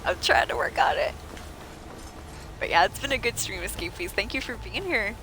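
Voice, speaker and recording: A woman streaming a video game, chatting to viewers and excitedly shouting at characters. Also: mid-range voice, moderate pace, slight background noise. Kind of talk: live gameplay commentary.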